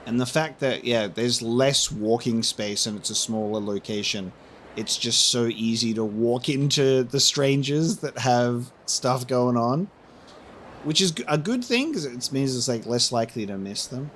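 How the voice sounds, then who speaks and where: A man's voice: mid-range voice, measured pace, a bit bright, slight background noise. A man chatting casually and rambling while commenting on a game he is playing. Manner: rambling, chatty, self-correcting. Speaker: let's play host.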